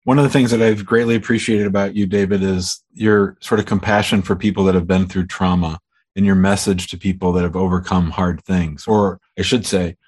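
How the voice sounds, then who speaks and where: A male podcast host with a fairly low voice poses his questions. He sounds appreciative and friendly toward his guest. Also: steady tone, a little fast, darkish tone, breathy edge. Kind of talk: interview questions.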